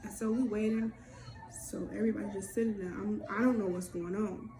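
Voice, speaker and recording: A woman telling a personal story in casual talk, candid and swearing freely, acting out what others said in quick lively bursts. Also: medium pitch. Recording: echoey room with faint background noise.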